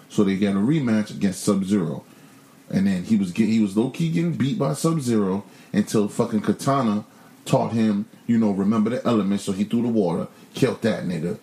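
A man with a fairly low voice talks in a loose, profane, blunt way, joking as he rants. The sound carries a roomy echo, as if recorded in an untreated room. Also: warm tone. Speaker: podcast co-host. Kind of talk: casual chat.

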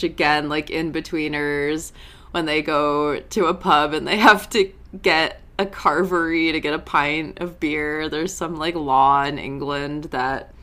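A young woman talks through an episode in a loose, chatty way, tossing in quick asides as she goes. Her voice sits low for a woman yet has a bright, forward edge to it. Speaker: show recap host. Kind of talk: casual episode recap.

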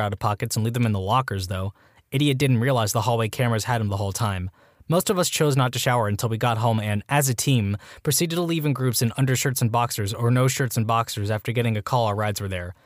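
A man's voice: medium pitch, dry recording. Man narrating in a dry, close voice. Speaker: narrator reading anonymous posts. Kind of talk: scripted narration.

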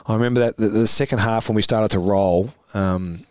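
A man with an Australian accent, a podcast guest telling lively anecdotes and laughing often. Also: on the low side, a little fast, smooth, no room sound. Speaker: podcast guest, former footballer. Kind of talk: animated storytelling chat.

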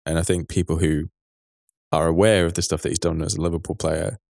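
A man hosting a podcast, chatting casually in a relaxed, agreeable way and reading a listener message. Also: deep voice, brisk, vocal fry, no echo, studio quality. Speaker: podcast host.

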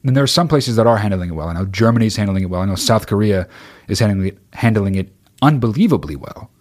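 Low-voiced, foul-mouthed podcast host. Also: male voice, lively intonation, fast talker, darkish tone. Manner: swears constantly, rambling and blunt. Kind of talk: casual chat answering listener questions.

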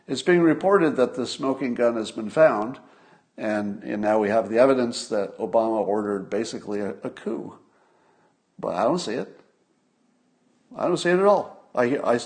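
An older man giving solo commentary to his viewers in a conversational way, repeating points for emphasis and asking rhetorical questions. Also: mid-range voice. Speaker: host of a commentary stream.

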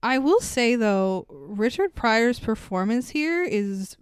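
A woman's voice: fairly high pitch, takes it slowly, clear, resonant tone, no room sound, studio quality. A woman co-hosting a podcast, chatting casually and profanely about a film, laughing often. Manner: profane, laughing, animated storytelling. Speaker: podcast co-host. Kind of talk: casual movie review chat.

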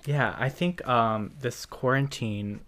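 A podcast co-host talking through film trivia in a loose, rambling way. Often stumbles and laughs between phrases. The voice sits at an ordinary middle pitch. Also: slow, a bit bright. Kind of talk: casual chat about film.

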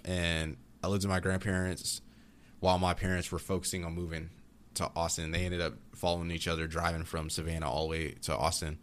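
A young man in casual chat, telling rambling, animated stories about growing up, with frequent restarts. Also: low-pitched, a little fast, slight background noise. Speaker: podcast guest.

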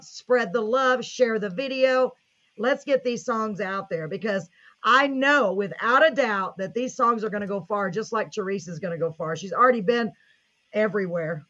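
A gushing, enthusiastic woman hosts a live online chat show, her voice set a little high. The sound is dull and lo-fi. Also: a bit bright. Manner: gushing, enthusiastic, reads viewer comments aloud. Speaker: host.

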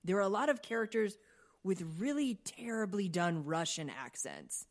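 A woman's voice: mid-range voice, sing-song, normal speed. A woman co-hosting a podcast in casual chat, rambling and profane with lots of fillers and restarts. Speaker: podcast co-host.

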